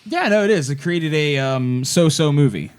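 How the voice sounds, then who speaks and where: A man's voice: on the high side, lively intonation, moderate pace, smooth. A man co-hosting a casual trivia podcast, rambling, joking and correcting himself as he goes. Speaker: podcast co-host, trivia quizmaster. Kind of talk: casual chat.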